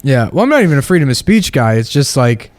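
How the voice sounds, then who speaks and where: A man's voice: medium pitch, big pitch swings, quick pace, no echo. A man co-hosting a comedy podcast, riffing crude, absurd jokes in a rambling, casual way. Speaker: podcast co-host.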